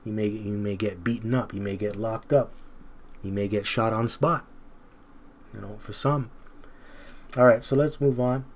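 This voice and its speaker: Low-voiced man preaching in street slang. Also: steady tone, moderate pace, pauses often, a little hiss or hum. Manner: reads verses aloud, then comments in blunt street slang with laughs. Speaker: scripture teacher. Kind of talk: informal bible teaching.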